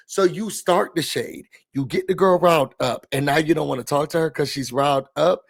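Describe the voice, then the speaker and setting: High, gravelly-voiced man ranting. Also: moderate pace, hardly any pauses. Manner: animated, sassy, blunt. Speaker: reality TV recap host. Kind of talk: ranting recap and review.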